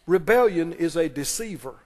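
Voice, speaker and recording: High-voiced preacher in an echoing church. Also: male voice, animated. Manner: preaching with call-and-response, quick asides and laughs. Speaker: pastor. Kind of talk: sermon. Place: church sanctuary. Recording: long reverb of a church hall.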